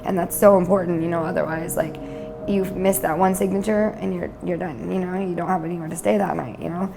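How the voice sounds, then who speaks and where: Gravelly woman, chatty and tearful. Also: lowish voice, fairly even intonation, brisk, music in the background. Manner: chatty, lots of fillers and laughs. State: tearful at times. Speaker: new resident, mother. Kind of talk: testimonial interview.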